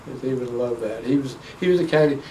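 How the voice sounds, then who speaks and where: A man's voice: medium pitch, brisk. Older man telling family stories. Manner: rambling, animated storyteller with frequent restarts. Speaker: interviewee. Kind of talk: oral history storytelling. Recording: distant mic with faint background noise.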